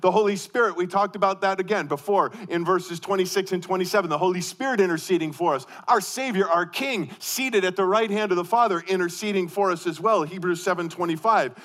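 A man preaching a sermon, asking rhetorical questions and swinging from forceful emphasis to hushed intensity, often repeating and restarting his phrases. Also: sits high, a little fast, hardly any pauses. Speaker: pastor.

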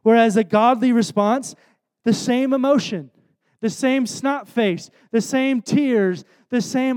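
A man's voice: very high voice, takes it slowly, darkish tone, smooth. A man in his thirties preaching a sermon in an earnest, conversational way, with self-deprecating asides.

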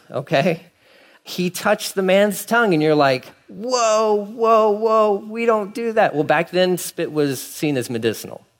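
Animated conversational male pastor. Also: on the high side. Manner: animated, conversational, acts out quick asides. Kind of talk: sermon.

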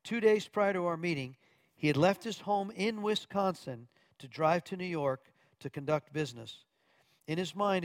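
A man's voice: fairly high pitch, no room sound. A man preaching from Arkansas, earnestly telling a testimony story with quoted dialogue and occasional stumbles.

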